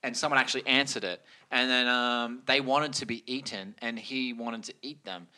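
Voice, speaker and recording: A man's voice: mid-range voice, steady tone, moderate pace, bright, forceful tone. A man co-hosting a podcast, chatting casually and joking crudely, often laughing. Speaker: podcast co-host.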